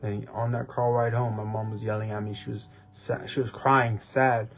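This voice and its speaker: A man's voice: on the low side, level tone, normal speed. A young man co-hosting a podcast, telling his personal testimony in a rambling, casual way with many restarts. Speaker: podcast co-host.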